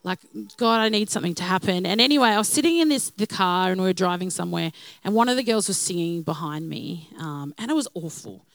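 A woman's voice: on the low side, expressive, fast talker, dry recording. Chatty woman, dry sound. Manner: chatty storytelling, many fillers. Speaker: church speaker. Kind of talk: sermon testimony.

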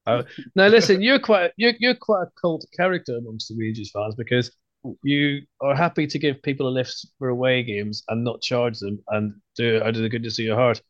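A man's voice: mid-range voice, a little fast, dry recording. A man hosts a casual podcast and teases his guests in joking banter. His voice is dry and a little dull, as on a video call. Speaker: podcast host.

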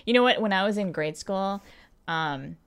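A woman co-hosting a podcast, telling stories in a casual chat with lively mimicry of others. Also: mid-range voice, normal speed, smooth. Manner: animated storyteller, mimics others with sudden loud outbursts. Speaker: podcast co-host.

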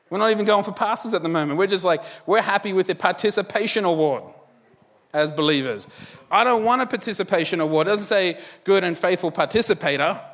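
A man delivers a sermon in a loose, conversational way, dropping in jokes as he goes. His voice sits a little high for a man. It rings out with the long reverb of a large hall. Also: fairly bright tone. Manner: conversational, joking asides with laughs. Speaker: pastor.

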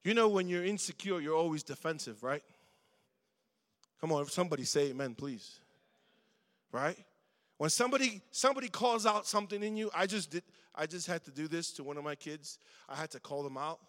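A man's voice: a little high, lively intonation, fairly quick, fairly bright tone. A middle-aged man preaching a sermon to young people in a conversational way, calling on the crowd to answer. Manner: conversational, calls for responses from the crowd. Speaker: guest preacher at a youth service. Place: church hall. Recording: long hall reverb.

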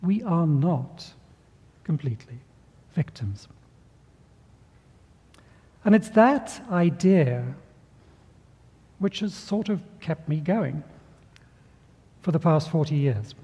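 A middle-aged man preaching a sermon, speaking with measured pauses and slipping into voices when telling a story. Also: fairly high pitch, animated, dark tone, slightly rough, in a large hall, muffled recording. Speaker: pastor.

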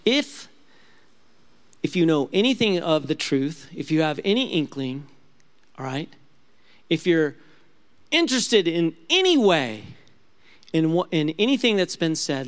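A man preaching a sermon in a fairly high voice, earnest and questioning. He often restarts and stumbles over fillers as he presses his listeners. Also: sing-song, unhurried, pauses often, clear, resonant tone. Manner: earnest, questioning, drops to a soft altar-call tone. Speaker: pastor.

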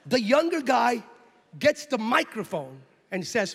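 A man from the United States, a pastor, telling a story in a sermon and acting out the scenes with loud exclamations and voices. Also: sits high, moderate pace, vocal fry, breathy edge. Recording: long hall reverb.

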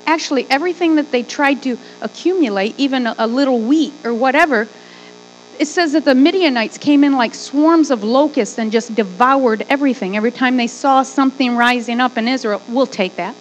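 A woman pastor preaching a sermon in a lively way, with joking asides. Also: a little high, low-quality recording.

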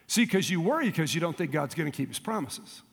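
A man pastor preaching a sermon with call and response, dropping to quiet asides and rising to shouts. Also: fairly high pitch, very animated, brisk, gravelly, husky, in a large hall.

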